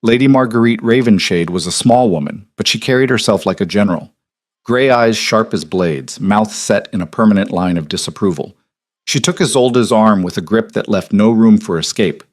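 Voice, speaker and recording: A man narrating a historical romance audiobook in an even, measured storytelling manner. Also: fairly low pitch, no room sound, studio quality.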